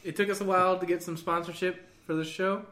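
A man's voice: high voice, steady tone, fairly bright tone. A man hosting a podcast, chatting casually with friends and laughing often. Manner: giggly, quick to laugh. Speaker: podcast host. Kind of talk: casual banter.

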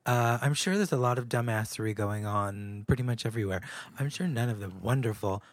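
A man's voice: mid-range voice, dry recording. A man co-hosting a podcast in casual chat, with a dry, sarcastic way of talking. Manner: dry, sarcastic, drawn-out repetitions. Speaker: podcast co-host.

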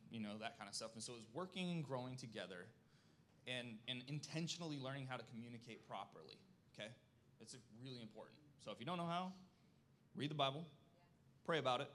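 A man in his thirties speaks from a church stage with a folksy, earnest manner and a middle-pitched voice. He keeps checking in with his listeners as he talks. He holds back tears throughout. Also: fairly bright tone, slight background noise. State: emotional, close to tears. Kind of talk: personal testimony talk.

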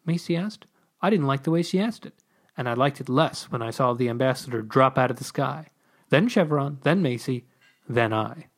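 A man reading his own comic story aloud with exclamations and character voices. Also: normal speed. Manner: animated, exclaiming, pitch leaps on quoted lines.

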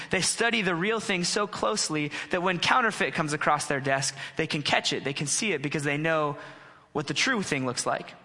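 Earnest young male pastor, bright, in a reverberant hall. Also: sits high. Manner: conversational, earnest, self-deprecating storytelling. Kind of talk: sermon. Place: church stage with long reverb.

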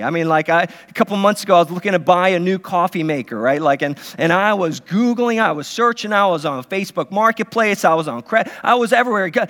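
A man's voice: high voice, fairly bright tone. A man in his thirties, a pastor, preaching a sermon in a conversational, story-telling way with many restarts. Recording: long hall reverb.

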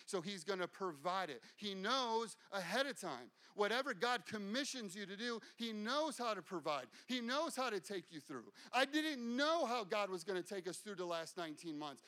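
A man preaching a sermon as pastor, fervent and emphatic, repeating his points and rising almost to shouting. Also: high voice.

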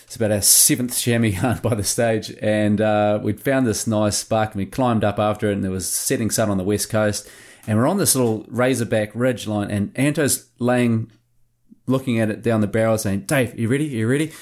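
A man, a hunting show producer telling lively hunting stories in a casual interview. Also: lowish voice, moderate pace. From New Zealand. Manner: animated anecdotes with acted-out quotes.

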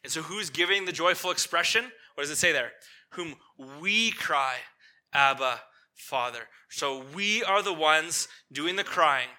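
Delivering a church sermon as lead pastor, this man speaks at a moderate pace with few pauses, his fairly high voice sharp in tone. He keeps it conversational, poses questions to the congregation, checks in with "right?", and softens into tender earnestness on painful points.

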